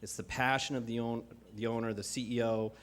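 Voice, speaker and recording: Halting man introducing a speaker. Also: medium pitch, steady tone, a little hiss or hum. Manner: halting, many fillers and restarts. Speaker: event host introducing the speaker. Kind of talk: formal introduction speech. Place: large conference hall.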